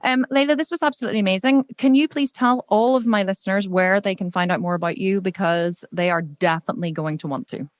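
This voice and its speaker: A woman with a Northern Irish accent hosting a podcast interview, telling stories in an animated, chatty way. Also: medium pitch, no room sound. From Northern Ireland. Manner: animated, rapid storyteller. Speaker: podcast host. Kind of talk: casual interview chat.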